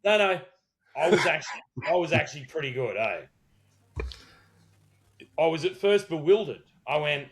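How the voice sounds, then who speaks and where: A man's voice: on the high side, expressive, moderate pace, long pauses. Profane Aussie man spinning a pub yarn. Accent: Australian. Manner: profane, rambling storyteller with many restarts. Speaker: podcast co-host. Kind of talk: casual storytelling chat.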